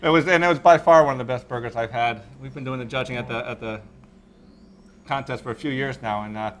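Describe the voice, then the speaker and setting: A man's voice: medium pitch, quick pace, slight background noise. A man, a chef co-hosting a cooking show, talking up the food with enthusiasm. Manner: chatty, enthusiastic with restarts. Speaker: chef and co-host. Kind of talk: casual studio chat.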